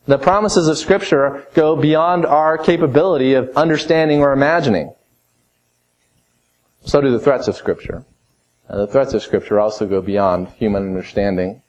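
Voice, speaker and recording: A man preaching a sermon as a pastor, emphatic, swinging between a raised voice and a quiet low tone. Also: low-quality recording. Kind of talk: expository sermon.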